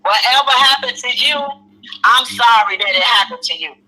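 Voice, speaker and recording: A woman's voice: a little high, normal speed, noisy background. A woman co-hosting a casual chat, blunt, teasing and insistent. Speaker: co-host.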